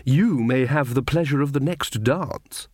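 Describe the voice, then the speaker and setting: A woman's voice: a bass voice, a little slow, mellow, no room sound, studio quality. Man voicing a coy, affected young lady.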